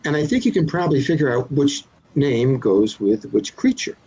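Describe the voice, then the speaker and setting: A man's voice: mid-range voice, sing-song, normal speed, mellow, husky, poor audio. An older man, a children's author being interviewed, explaining his craft in a thoughtful, playful way with examples. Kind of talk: relaxed interview answers.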